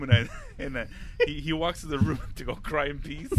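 A man's voice: a little high, animated, a little fast. A man, a father, telling a profane story in casual podcast chat, laughing often as he goes. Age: adult, a father.

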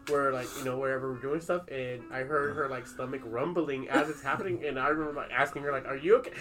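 A man's voice: medium pitch, steady tone, fast talker. A man hosting a casual podcast chat, telling crude stories with lots of laughter. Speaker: podcast host.

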